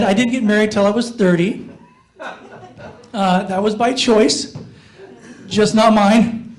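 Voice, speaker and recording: A man with a high, light voice telling self-deprecating stories in a stand-up comedy set on a small theater stage. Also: a little mellow, low-quality recording. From Iowa, USA. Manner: self-deprecating storytelling, jumps up in pitch for inner thoughts.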